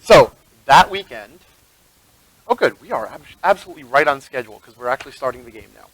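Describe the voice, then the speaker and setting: A man's voice: medium pitch, expressive, fast talker, a bit bright, poor audio. A man serving as game master, narrating a tabletop game in a rambling, chatty way and laughing often.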